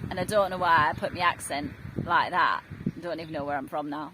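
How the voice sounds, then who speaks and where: A woman's voice: deep voice, fairly even intonation, brisk. A woman, rambling chattily and mocking herself as she vlogs outdoors next to a main road. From England. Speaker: vlogger. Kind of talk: casual vlog talk to camera. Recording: loud road noise outdoors. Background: loud traffic noise.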